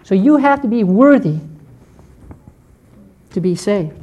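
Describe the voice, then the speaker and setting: A woman's voice: medium pitch, lively intonation, takes it slowly, lo-fi sound. A woman teaching a Bible class in a conversational lecture style, often checking in with her listeners.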